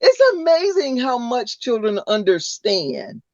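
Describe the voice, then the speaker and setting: Woman, 60s, podcast host and educator, expressive storyteller, lo-fi dull audio. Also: on the high side, unhurried, no room sound. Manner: animated storyteller, agreeable back-channel replies. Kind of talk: casual interview chat. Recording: dull lo-fi dry sound.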